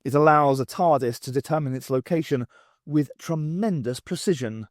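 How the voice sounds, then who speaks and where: A man reading an audiobook, voicing an irritable male time traveller who lectures briskly with dry sarcasm. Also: a little high, dry recording, natural voice. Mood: explaining. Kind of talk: audiobook character voice.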